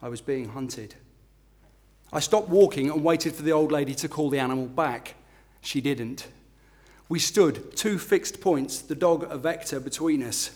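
A man's voice: a little high, a little slow, a little mellow. A middle-aged man, an author from England, giving a self-deprecating talk with filler ums and then reading a passage from his book.

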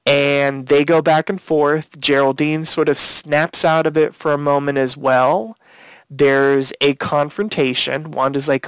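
A man's voice: on the high side, steady tone, takes it slowly, a bit bright, clear, resonant tone, no echo. A man co-hosting a casual podcast, recapping a TV episode scene by scene and retelling the dialogue with quotes. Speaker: podcast co-host.

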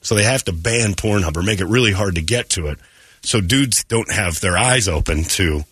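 Lively crude-joking male radio host. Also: low-pitched, slightly rough, no room sound, studio quality. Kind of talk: casual comic talk radio.

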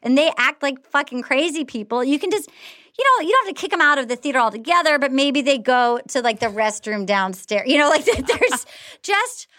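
A woman's voice: sits high, big pitch swings, brisk, bright, forceful tone, no room sound, studio quality. Rambling, swearing woman author. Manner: rambling, swears freely, says "dude". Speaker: author guest. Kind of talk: casual chat.

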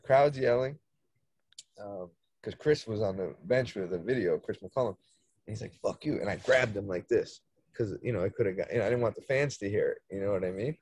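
A man, a soccer coach, telling a story in casual chat, animated, swearing freely and acting out the dialogue. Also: fairly low pitch, a little fast, husky, no echo. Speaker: soccer coach, podcast guest.

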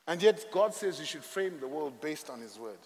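A man preaching a sermon with dramatic, emphatic, drawn-out phrasing. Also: on the high side, very animated. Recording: echoey hall.

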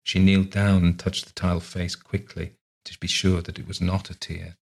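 A man reading a short story aloud in a calm, measured narration. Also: deep voice, gravelly. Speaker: reader. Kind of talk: scripted narration.

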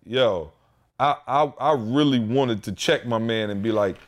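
A man in his thirties tells a story on a casual podcast chat, acting out each person with heated voices. His delivery is animated and lively, and he talks straight to his co-hosts. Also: mid-range voice, unhurried. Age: 30s. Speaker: podcast co-host.

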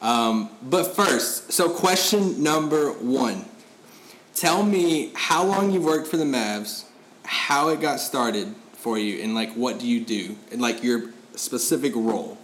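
A man's voice: mid-range voice, animated, takes it slowly, fairly bright tone. A man hosting a sports podcast, talking loosely with many fillers and restarts. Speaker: podcast host. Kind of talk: casual podcast interview.

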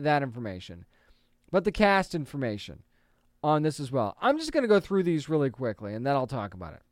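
Casual male entertainment host, thirties to forties, smooth clear tone, opinionated chatter. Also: fairly high pitch, dry recording, studio quality. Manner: chatty, opinionated, quick asides. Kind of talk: casual commentary.

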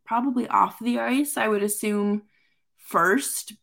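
A woman hosting a casual late-night hockey podcast, expressive and wry, exasperated with her team. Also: on the high side, takes it slowly, vocal fry. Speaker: podcast host.

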